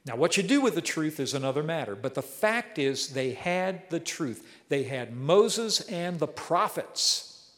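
A man's voice: a little high, big pitch swings, measured pace, fairly bright tone. Man, Bible teacher, emphatic, explanatory, long reverb of a hall. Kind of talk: verse-by-verse Bible lesson.

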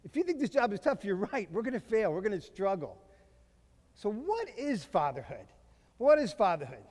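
A middle-aged man preaching a sermon to fathers. He is emphatic, slows down to stress key phrases and mixes in humorous family stories. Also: high-pitched, very animated, darkish tone. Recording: long reverb of a large hall.

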